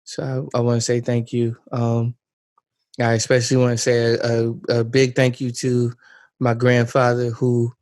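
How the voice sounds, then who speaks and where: A man co-hosting a podcast, telling stories in quick bursts and laughing between them. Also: medium pitch, completely flat delivery, a little mellow, no room sound. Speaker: podcast co-host. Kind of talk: casual chat.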